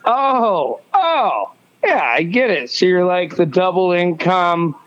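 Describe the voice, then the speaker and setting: A man's voice: high voice, expressive, moderate pace, a little hiss or hum. A man chatting as a podcast guest, blunt and swearing, drawing out his asides. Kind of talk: casual chat. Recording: dull lo-fi sound.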